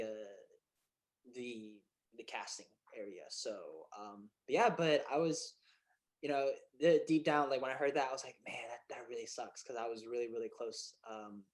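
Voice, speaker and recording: A man, a filmmaker and actor guest telling stories in a casual interview, excitable and animated, with many fillers and restarts. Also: mid-range voice.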